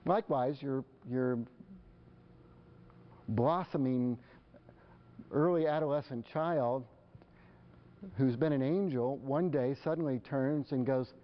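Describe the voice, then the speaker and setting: A man giving a live presentation to parents, animated and acting out the exchanges between parents and children. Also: medium pitch, takes it slowly, pauses often. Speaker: speaker on parenting. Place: lecture hall. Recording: dull lo-fi live recording.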